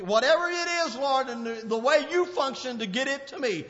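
A man preaching a fervent sermon in a very high, bright voice that leaps up and down in pitch, bursting out loudly and then dropping to a murmur. The recording is dull and lo-fi, with a long reverb trailing off the walls of a church hall. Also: animated, a little fast, few pauses. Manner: impassioned, swinging from loud outbursts to low murmurs.

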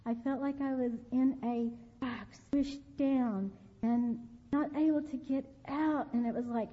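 A woman's voice: sits high, measured pace. An older woman giving an earnest sermon testimony, repeating key phrases for emphasis. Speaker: preacher. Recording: tinny phone-like sound with long reverb.

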